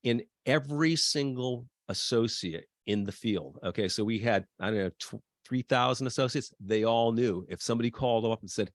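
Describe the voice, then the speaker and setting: A man appearing as a guest on a business podcast, telling stories with pride and enthusiasm and quick bursts of speech. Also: mid-range voice, no room sound, studio quality.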